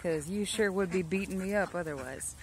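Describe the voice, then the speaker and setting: This backyard duck keeper has a lowish voice and talks fairly quickly over slight background noise. She films her ducks on a handheld phone, cooing affectionate baby talk to them in a casual pet vlog.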